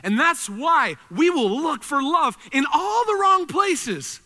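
A man preaching a sermon, animated, swinging between loud emphasis and quiet intensity. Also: very high voice, slow. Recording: reverberant hall.

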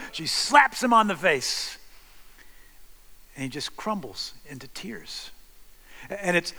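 A man's voice: high-pitched, a bit bright. A man preaching a sermon to a congregation, telling a story with frequent restarts. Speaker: pastor. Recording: long hall reverb.

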